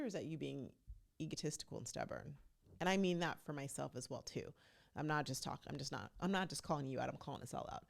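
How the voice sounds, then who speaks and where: A woman's voice: sits low, vocal fry, a little mellow. A woman hosting her own podcast, chatting casually and emphatically as she recaps reality TV and speaks straight to her listeners. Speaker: podcast host.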